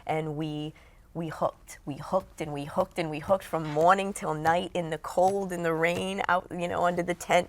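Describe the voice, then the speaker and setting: Gravelly-voiced woman telling a story. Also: on the low side. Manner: animated storyteller, acts out quotes. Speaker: interview guest. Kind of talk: storytelling in an interview.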